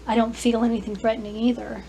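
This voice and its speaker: A woman voicing a calm, steady adult man, speaking in a measured way. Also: on the high side, gravelly, slight background noise, poor audio.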